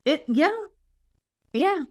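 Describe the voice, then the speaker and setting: A woman author being interviewed, speaking earnestly and slowing down to stress quoted words. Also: high-pitched, expressive, dry recording, studio quality. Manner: earnest, slows down when quoting guidance. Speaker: interview guest, spiritual author. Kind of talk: casual conversational interview.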